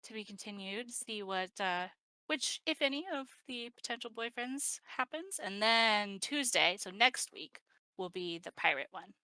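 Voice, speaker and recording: A woman's voice: mid-range voice, animated, measured pace, sharp tone, smooth, no room sound, rough recording. A woman hosting a casual craft stream, giggly and playful, cracking jokes. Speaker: stream host. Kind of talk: casual chat.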